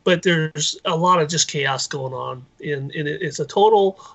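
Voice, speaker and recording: A man telling a rambling, excited story as a guest on a live call-in show. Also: on the high side, normal speed. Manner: rambling, excited, acts out quoted voices. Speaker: inventor and guest.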